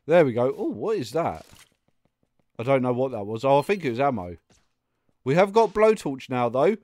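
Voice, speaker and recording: A man's voice: mid-range voice, very animated, normal speed, darkish tone, dry recording. A young man commentating his own gameplay, muttering and getting exasperated, with sudden outbursts and laughs. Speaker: gaming YouTuber. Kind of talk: let's play commentary.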